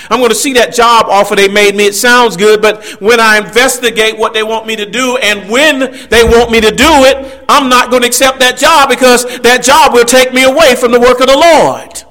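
A man's voice: high voice, sharp tone. A man preaching a sermon, emphatic, with rising and falling delivery and asides to the congregation.

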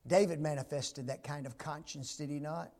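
A man preaching a sermon, swinging between loud emphatic peaks and hushed near-whispers and asking the congregation frequent rhetorical tag questions. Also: on the high side, steady tone, moderate pace.

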